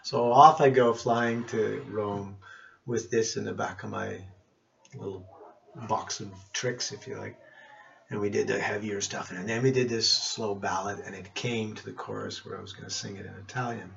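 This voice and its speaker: With a gravelly, fairly low voice and fairly even intonation, this guest musician, a middle-aged man from Cape Breton Island in Nova Scotia, Canada, rambles warmly through life stories in a casual interview, often restarting. He talks at a moderate pace. The lo-fi podcast audio is muffled, with slight background noise.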